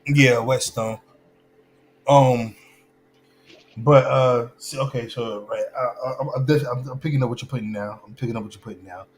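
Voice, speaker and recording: A man's voice: medium pitch, fairly even intonation, moderate pace, slight background noise. A man in casual chat, talking loosely and stopping to find where his thought was going. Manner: loose, searching, loses his train of thought.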